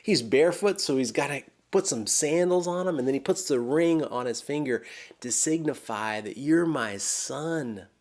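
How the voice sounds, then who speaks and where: A man preaching a sermon in an earnest way, acting out the quoted lines and sinking to a soft hush as he appeals to listeners. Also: fairly high pitch, normal speed. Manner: earnest, animated when quoting, drops to a soft hush near the end.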